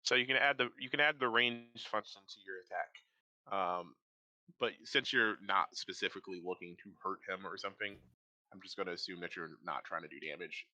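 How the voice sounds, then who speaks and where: A man narrating a tabletop game as game master in an animated, loose way. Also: low voice, brisk, no room sound, low-quality recording.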